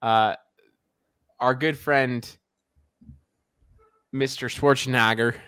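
A young man co-hosts a podcast in an easy, teasing way, laughing often as he talks. His pitch sits in the middle range. The recording is close and dry. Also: fairly even intonation, takes it slowly, a bit bright, clean tone, dry recording. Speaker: podcast co-host. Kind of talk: casual chat.

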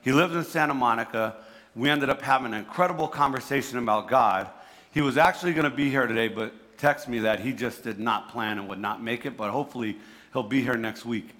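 Brief: man with a New Jersey accent, mid-pitched, preaching in a reverberant hall, casual and repetitive. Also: fairly quick, a bit bright. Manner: conversational, repeats himself, restarts words. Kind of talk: sermon.

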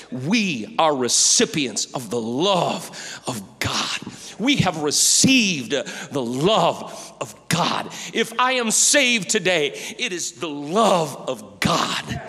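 A man preaching a sermon in a church, emphatic, swinging from shouts down to whispers. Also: mid-range voice. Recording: reverberant church hall.

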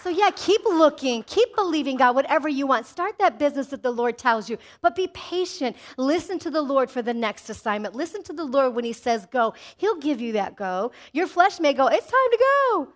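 A woman pastor preaching with a high, bright-pitched voice. She is energetic and tells personal stories. She keeps asking her listeners "amen?" as she goes. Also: a little fast, hardly any pauses. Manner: energetic, asks the congregation "amen?"; personal storytelling. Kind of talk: sermon.

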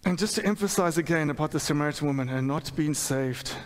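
A man's voice: fairly high pitch, fast. A middle-aged man preaching a sermon in a church, candid and self-deprecating, with many fillers and restarts. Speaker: pastor. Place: church hall. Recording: long hall reverb.

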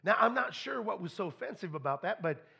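A preacher, a man with a high voice that is gravelly and husky at once. He tells his story in a folksy way, stumbling over restarts and acting out both sides of every conversation in church. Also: sing-song, quick pace, pushed and bright. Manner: folksy, repeats and restarts, quotes people in dialogue. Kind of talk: storytelling sermon.

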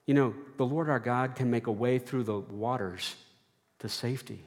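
A man preaching a sermon as pastor, slow and deliberate, building to fervent repeated refrains. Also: mid-range voice, darkish tone, big-room sound.

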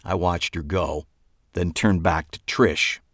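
A man's voice: deep voice, steady tone, takes it slowly, fairly bright tone, dry recording. A man reading a first-person novel aloud with dry, wry storytelling. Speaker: audiobook narrator. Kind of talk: first-person scripted narration.

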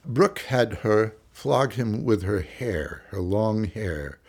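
Slow gravelly-voiced older theater teacher. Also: male voice, lowish voice, expressive. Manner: slow, halting with fillers, reflective. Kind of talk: interview reminiscence.

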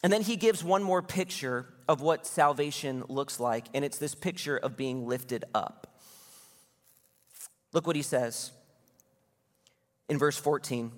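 A man preaching a sermon as pastor, earnest and exhorting in quick bursts. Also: a little high, long reverb tail.

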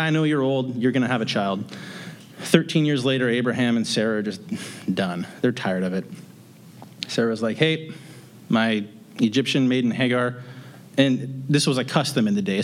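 A man leading a relaxed verse-by-verse Bible teaching at an everyday middle pitch. He talks to his listeners plainly and conversationally and drops in light joking asides as he reads and explains.

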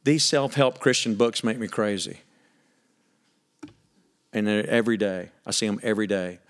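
A man preaching a sermon, animated and emphatic, swinging between loud punchy lines and quiet earnest ones. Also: on the low side, moderate pace.

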